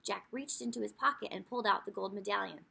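Woman teacher reading a kids' book, animated storytelling, gravelly, husky. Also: medium pitch, fast. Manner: expressive, lively storytelling with asides to young listeners. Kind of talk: children's book read-aloud.

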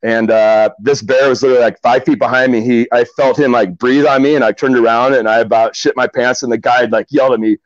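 A man's voice: medium pitch, fairly even intonation, fairly quick, few pauses, no room sound, highs cut off. A middle-aged man from Omaha, a kayak angler, tells stories casually in a podcast interview, rambling with many fillers and restarts.

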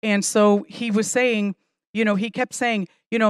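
A woman's voice: mid-range voice, fairly even intonation, unhurried, smooth, dry recording, clean studio sound. A middle-aged woman pastor teaching mothers in a chatty, earnest way, with restarts and small laughs. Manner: earnest, stresses key points. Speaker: pastor teaching a women's class. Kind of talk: conversational teaching.

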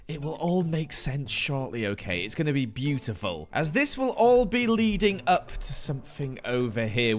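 A young man with a hoarse, nearly gone voice, giving chatty, self-mocking commentary over gameplay. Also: a little high, a bit bright, slight background noise. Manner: chatty, self-mocking, mock-angry rants. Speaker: gaming video creator.

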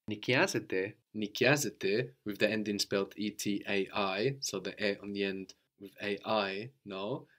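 A man with a lowish voice leads a spoken language lesson. He explains slowly and patiently, quizzes his student and repeats each answer back. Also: fairly bright tone. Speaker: language teacher.

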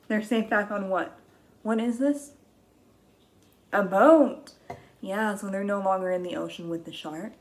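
A young woman teacher reads a picture book aloud to small children at a deliberate, unhurried pace, recorded at home on a webcam. Her voice sits at an ordinary middle pitch. She gasps and stretches her words with exaggerated wonder to keep young listeners with her. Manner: slow, gentle and very expressive, with gasps and exaggerated excitement.

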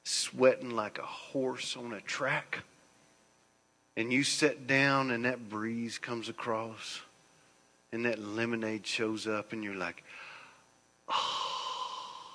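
Male pastor, preaching, bright forceful tone, long hall reverb. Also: medium pitch, little pitch movement, slow pace. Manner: swings between hushed and loud, emphatic. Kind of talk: sermon.

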